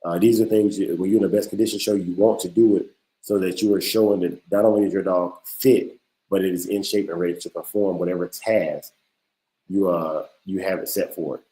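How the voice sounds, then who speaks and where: A man's voice: deep voice, steady tone, brisk, dark tone, low-quality recording. A man hosting a podcast livestream in a laid-back, slangy way, often repeating words. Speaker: podcast host. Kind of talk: casual livestream chat.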